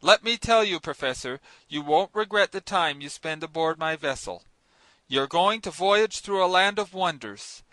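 A man reading an audiobook, voicing a stern, mysterious sea captain who speaks in a cold, commanding, measured way. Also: on the high side, animated, fairly bright tone, no echo, rough recording. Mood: grand. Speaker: narrator voicing characters.

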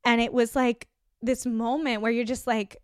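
Young woman host, earnest and rambling, smooth clear voice, dry close mic. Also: a little high, level tone, moderate pace, dry recording. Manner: rambling, earnest, many fillers and restarts. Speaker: podcast host. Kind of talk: casual spoken reflection.

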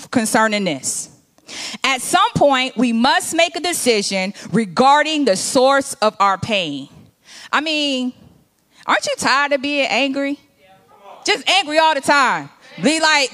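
A woman's voice: high-pitched, fairly bright tone. A woman minister preaching a conversational sermon, acting out scenes from the scripture.

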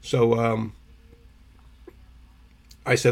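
A man, co-hosting a podcast, tells rambling stories in a husky voice and keeps clearing his irritated throat. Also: medium pitch, unhurried. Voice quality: gravelly, husky. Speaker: podcast co-host. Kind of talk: casual storytelling chat.

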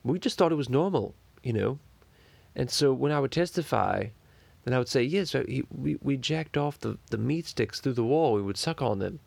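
A foul-mouthed cartoon baby boy rambles crudely from one tangent to the next, as a man does the voice. His voice is heavily gravelly and sits mid-range, in an improvised parody monologue. The sound is dry and close. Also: medium pitch, lively intonation, moderate pace, darkish tone, no room sound. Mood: rambling.

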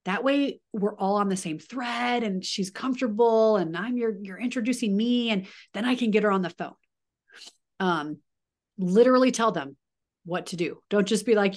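A woman's voice: medium pitch, animated, normal speed. A woman in her thirties leading a team video call, chatty and upbeat with frequent asides and coaching pep.

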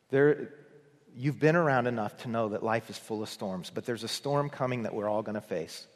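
A male pastor delivers a sermon in a long-echoing church hall. His voice sits at an ordinary pitch, and he talks earnestly, pressing his points harder and then falling almost to a whisper. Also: unhurried, pauses often. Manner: earnest, swells for emphasis then drops to a hush.

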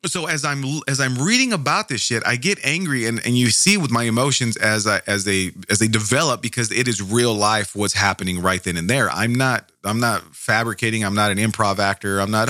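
Man, true crime podcast host, bright edgy voice, dry close sound, cursing, stammers and restarts. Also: fairly low pitch, fairly quick, hardly any pauses, dry recording. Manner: profane, angry asides, stammering restarts. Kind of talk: solo podcast reading a case with commentary.

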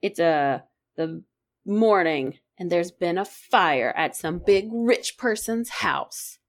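A woman's voice: lowish voice, slow. Woman w sore throat chatting about a book, voice jumps all over, swears a lot. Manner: animated, swears casually, jokey asides. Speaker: podcast co-host. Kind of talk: casual book chat.

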